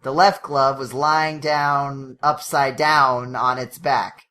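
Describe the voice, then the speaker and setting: A podcast co-host reads a fanfiction aloud for comedy, often laughing mid-sentence and going back over stumbled words. The voice sits at an ordinary middle pitch. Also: flat delivery, takes it slowly, bright, forceful tone. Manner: reads with frequent laughs and self-corrections.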